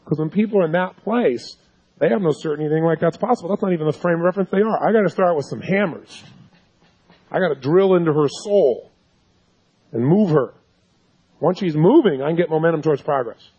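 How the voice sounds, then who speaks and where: A man's voice: on the high side, brisk, warm tone, husky. A man giving a live seminar lecture, firing rhetorical questions at his audience and acting out his own dialogue as he tells a story. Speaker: seminar speaker coaching an audience. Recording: dull lo-fi recording.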